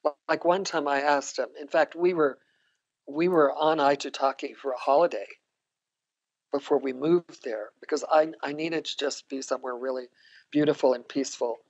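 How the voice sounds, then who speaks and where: A woman's voice: deep voice, moderate pace, a little mellow, lo-fi sound. An older woman, a guest on a podcast, telling reflective personal stories and laughing often. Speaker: interview guest, psychotherapist. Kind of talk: conversational storytelling.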